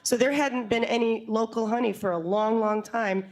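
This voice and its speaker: Woman storyteller, live on stage, slightly high pitch, lively and comic. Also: normal speed. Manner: animated, laughing, comic asides. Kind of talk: live storytelling before an audience. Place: stage before a live audience.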